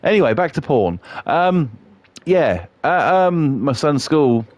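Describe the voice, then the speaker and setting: While playing a game live, a middle-aged man chats and spins rambling stories full of swearing, cracking himself up at his own jokes. His voice is on the high side and slow, with big pitch swings, no echo and the highs cut off.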